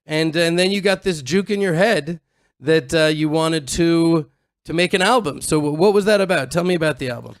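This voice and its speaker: A man's voice: on the high side, normal speed, no room sound, studio quality. A man co-hosting a casual chat, teasing and joking with his friend. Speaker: co-host. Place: outdoors on a farm in the mountains.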